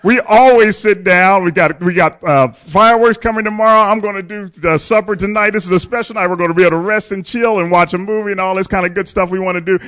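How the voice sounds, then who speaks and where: High-voiced male pastor telling a funny story. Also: steady tone, fast, few pauses, a bit bright. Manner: candid, humorous storytelling with frequent chuckles; addresses the congregation directly. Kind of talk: storytelling sermon.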